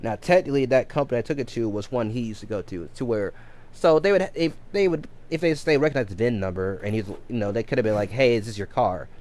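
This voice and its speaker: A man's voice: medium pitch, animated, quick pace, a little mellow. A man casually telling a long story on a game livestream, rambling with many restarts and self-corrections. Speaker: game streamer.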